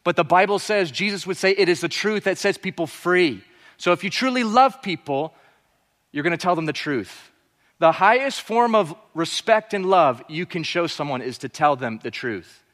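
A man's voice: high voice, lively intonation, normal speed. Man preaching in a reverberant hall. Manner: emphatic preaching, drops to soft asides. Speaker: pastor. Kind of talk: sermon.

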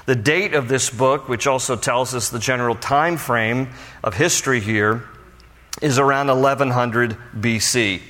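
A man's voice: medium pitch, a little slow, bright, forceful tone. A man preaching as a pastor, teaching from the Bible in a conversational way with storytelling asides. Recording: long reverb of a large hall.

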